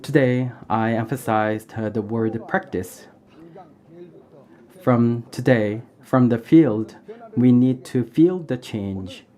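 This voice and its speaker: A man giving a live English interpretation of a formal debate, pausing often with "uh". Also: medium pitch, dark tone. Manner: halting, with frequent "uh" pauses.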